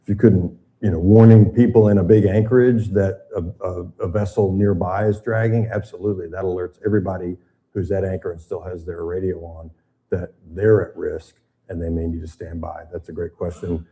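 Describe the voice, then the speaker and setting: An older man with a very low, deep voice and a dark, mellow tone, presenting a boating seminar to a room of listeners. He explains at an easy conversational pace, with fillers and restarts along the way. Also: level tone, a little fast. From United States. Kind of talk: boating safety seminar talk.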